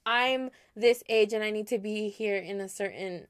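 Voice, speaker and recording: A young woman co-hosting a podcast in casual chat, talking with lots of "like" and retelling stories in an animated way. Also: medium pitch, moderate pace, clear, resonant tone, dry recording, clean studio sound. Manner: chatty, heavy use of "like", animated retelling. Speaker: podcast co-host.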